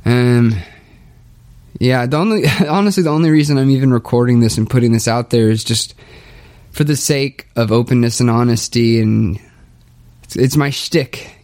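A young man speaking a hesitant, halting confessional monologue, restarting often and sounding dejected. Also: mid-range voice, darkish tone. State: low and dejected. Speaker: podcaster documenting his spiritual journey.

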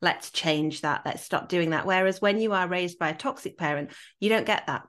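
A woman with a Yorkshire accent, hosting a podcast interview and sharing her thoughts in a measured, empathetic way. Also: lowish voice, fairly bright tone. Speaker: podcast host.

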